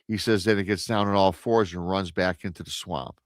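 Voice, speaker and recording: A low-pitched man spins a creepy encounter tale in an easy, chatty way, jumping into the voices of the people in it and tripping over his own restarts. His voice sits close and dry on the mic, with no room sound around it. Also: brisk, no echo. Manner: animated storyteller, acts out quoted voices, many restarts. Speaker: guest storyteller on a paranormal radio show. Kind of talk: casual retelling of an encounter story.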